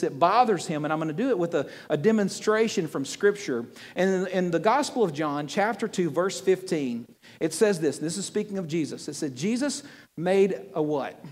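High-voiced pastor preaching in a reverberant hall. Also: male voice, fast talker. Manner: animated, joking, repeats words. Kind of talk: sermon. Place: church hall with audience.

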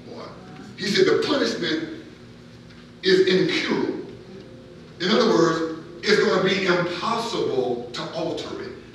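A pastor delivers a Bible-study sermon in a fairly high voice, doubling his words and swelling into near-shouts. He is recorded from a distance in a church hall with heavy echo and a faint hiss behind him. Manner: emphatic, repeats words, builds to near-shouts. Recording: very echoey room, mic far off.

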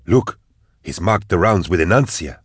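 Brief: male narrator as a tough, low-voiced ringleader, clipped and bossy. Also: expressive, normal speed, slightly rough, no echo, studio quality. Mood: grim. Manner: curt, forceful orders. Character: hard, commanding male schemer.

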